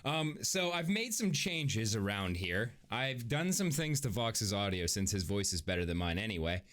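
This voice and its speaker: Lively, laughing casual male co-host. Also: fairly low pitch, normal speed. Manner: laughing, swearing, rambling. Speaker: podcast co-host. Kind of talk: casual livestream chat. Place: home room on webcam.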